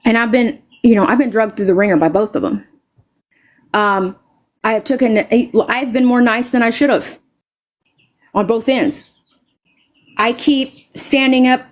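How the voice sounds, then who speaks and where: A woman's voice: a little high, darkish tone, lo-fi sound. A woman live streamer delivering an angry, confrontational rant, stammering and repeating words and swearing heavily.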